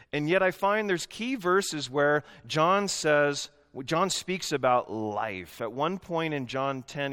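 A man's voice: a little high, a bit bright. Emphatic male pastor in a reverberant church. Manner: emphatic preaching, repeats key words. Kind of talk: sermon. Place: church sanctuary.

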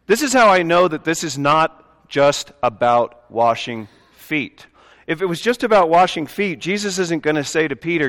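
A man's voice: a little high, a bit bright. A male pastor preaching a sermon in a conversational way, with joking asides to the congregation. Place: church sanctuary. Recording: long reverb of a church hall.

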